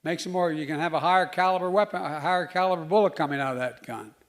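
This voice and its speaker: An older man, a politician, addresses a crowd in a public speech. His voice sits a bit high for a man. He stumbles and mumbles through phrases and restarts them, and now and then he drives a line home with sudden loud emphasis. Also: fast.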